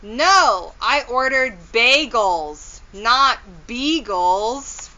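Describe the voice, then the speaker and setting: A busy storybook mom, matter-of-fact and a little flustered, read by a woman. She speaks slowly, in a bright voice. The recording is slightly dull and lo-fi. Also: mid-range voice, expressive. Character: busy mother of a young girl. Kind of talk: children's storybook read-aloud.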